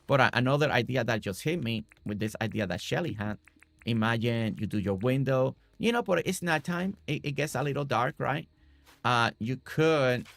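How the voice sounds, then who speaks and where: Gravelly-voiced man streaming a building game. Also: fairly low pitch, fairly bright tone, no room sound. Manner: rambling, thinks aloud with many fillers and restarts. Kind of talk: casual live-stream building commentary.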